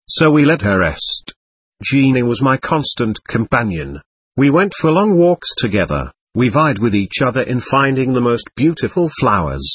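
A man narrating a story aloud with a husky, slightly breathy voice and lively rising and falling pitch. His telling is gentle and expressive, recorded dry and close with no room sound. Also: dry recording.

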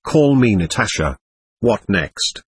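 A man voicing a loud, scolding middle-aged market woman. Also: lowish voice, sing-song, slow pace, husky, dry recording, voice pushed down, exaggerated voice.

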